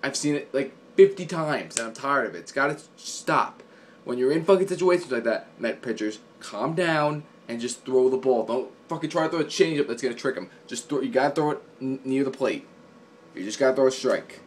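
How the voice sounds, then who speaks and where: A man's voice: mid-range voice, lively intonation, a little fast, slight background noise. A young man recapping a sports series in a casual vlog, opinionated and profane, with lots of ums and restarts. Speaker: sports fan vlogger.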